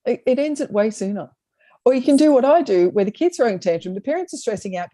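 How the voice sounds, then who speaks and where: Woman co-host, mellow and laughing, telling comedy stories over a dry video-call line. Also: medium pitch, lively intonation, fast talker, dry recording. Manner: chatty storyteller, laughs often. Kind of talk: casual comedic chat.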